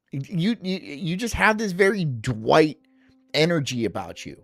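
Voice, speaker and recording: A woman's voice: low voice, very animated, unhurried, no room sound, studio quality, soft background music. A woman hosting a casual reaction stream who teases and jokes crudely. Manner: crude, teasing, giggly. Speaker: streamer host.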